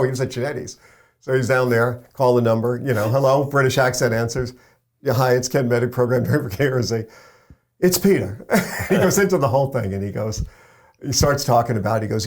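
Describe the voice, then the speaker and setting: A man, a radio program director and morning show co-host, tells an animated story and acts out the quoted voices. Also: mid-range voice.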